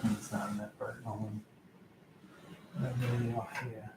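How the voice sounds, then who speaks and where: On the low side and level in tone, this man's voice sits in a roomy, very noisy recording. He casually rambles about his records in a vlog, halting often, with many fillers and muttered self-talk as he searches.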